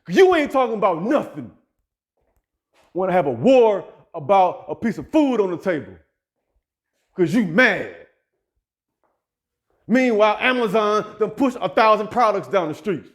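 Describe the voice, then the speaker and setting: A man's voice: sits high, very animated, measured pace, long pauses. Heated man ranting straight to listeners. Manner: loose, heated street talk, addresses listeners directly. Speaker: app business owner. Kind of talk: direct-to-camera rant.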